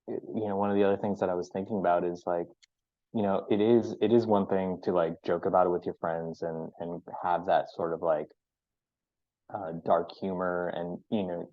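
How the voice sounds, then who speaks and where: Young guy, low voice, lots of "like" and "you know", kinda muffled dry audio. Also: level tone, no echo. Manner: halting, many fillers and restarts. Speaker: interviewee. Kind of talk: reflective casual talk.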